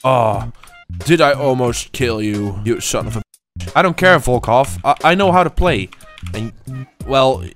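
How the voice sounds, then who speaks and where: A young man, a gaming channel host, commenting on his own gameplay, frustrated and swearing, swinging from low muttering to sudden shouts. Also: a little slow, soft background music.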